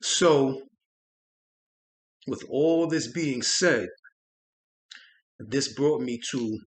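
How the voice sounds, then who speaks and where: A man hosting a spiritual channel, telling a personal experience in an earnest, reflective way, often halting and repeating words. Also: mid-range voice, fairly bright tone. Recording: roomy echo.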